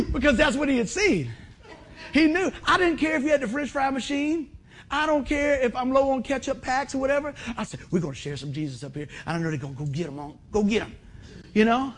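A middle-aged man preaching a sermon in a folksy, animated way, acting out other people's voices. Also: high voice, brisk. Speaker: pastor.

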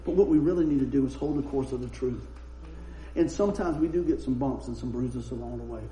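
A man's voice: medium pitch, fast talker, mellow, slight background noise. A man preaching a sermon, chatty and laughing as he tells anecdotes. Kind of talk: sermon with humorous storytelling. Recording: roomy echo.

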